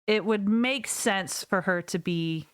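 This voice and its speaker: A woman's voice: medium pitch, slow pace, smooth, no echo. Woman, podcast co-host, chatty, easygoing, dry sound. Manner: chatty, laughs often, easygoing. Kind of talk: casual chat.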